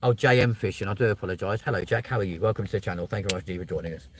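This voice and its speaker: A man's voice: low voice, fairly even intonation, very fast, a little hiss or hum. A middle-aged man, hosting a livestream and telling a story in a casual rant, swearing freely and acting out both sides of a phone call. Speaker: livestream host.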